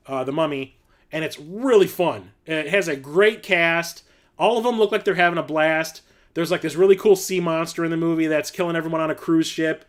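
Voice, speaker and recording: A man hosting a casual livestream, rambling enthusiastically with lots of fillers and casual swearing. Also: a little high. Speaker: livestream host showing his film collection.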